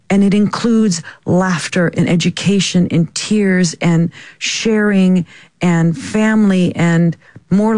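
Laughing, animated actress in a dry room. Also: female voice, lowish voice, no echo. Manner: animated, laughs often, quick storytelling. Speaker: guest actress. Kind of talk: casual interview chat.

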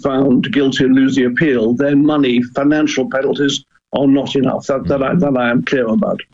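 A man's voice: medium pitch, steady tone, darkish tone, highs cut off. An older man speaking earnestly as a radio interview guest, stopping and restarting often. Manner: earnest, halting with many restarts. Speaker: guest, former club chairman.

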